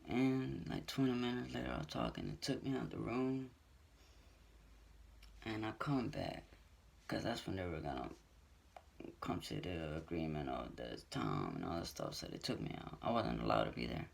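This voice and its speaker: A young man in his twenties tells his story to the camera in a loose, rambling way, leaning on fillers as he goes. His low voice is gravelly with heavy fry and a husky edge, and his pitch swings a lot. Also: expressive, normal speed. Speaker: vlogger telling his story.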